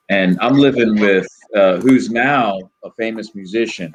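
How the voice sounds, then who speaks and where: A man with a lowish voice rambles through a story in a casual chat. He swears freely and keeps the telling animated. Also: normal speed, few pauses, muffled recording. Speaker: host.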